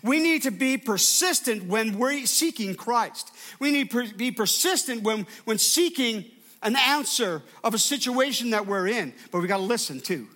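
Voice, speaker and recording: A male pastor delivering a sermon in a high, bright voice. He preaches emphatically and keeps calling on the congregation to answer him. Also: lively intonation, normal speed.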